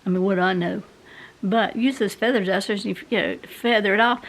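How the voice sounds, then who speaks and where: A woman's voice: medium pitch, fairly even intonation, fairly quick. A woman, rambling casually to her viewers in a home vlog. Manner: chatty, rambling, talks to viewers directly. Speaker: vlogger. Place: home, indoors.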